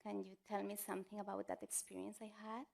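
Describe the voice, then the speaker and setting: A woman's voice: mid-range voice, level tone, fast, creaky, a little mellow. A woman in the audience asking questions, hesitant and full of fillers but eager. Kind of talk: live question-and-answer session.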